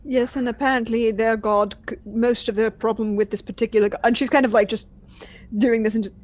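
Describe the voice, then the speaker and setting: A woman with a somewhat high voice plays in a tabletop game. She chattily lays out her character's actions, often with "like" and "you know". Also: steady tone, a little fast, a little mellow. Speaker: player.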